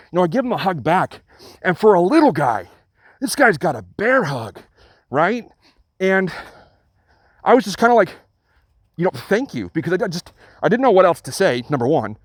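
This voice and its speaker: A middle-aged man narrates a personal story for his channel in an earnest, halting way, often restarting his sentences. His voice sits a touch higher than most men's. The sound is dry and close, with no room around it. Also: dry recording. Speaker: channel host. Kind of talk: storytelling vlog.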